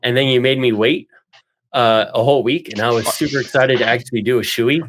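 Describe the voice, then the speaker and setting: A man co-hosting a podcast, talking in casual banter in an excitable, rambling way. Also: mid-range voice, a little fast. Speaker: podcast co-host.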